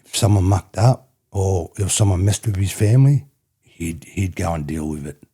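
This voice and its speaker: At a moderate pace, a middle-aged Australian man with a low, dark, husky voice tells rambling, reflective stories on a relaxed podcast, repeatedly circling back with "you know what I mean". He's a former rugby player from country New South Wales.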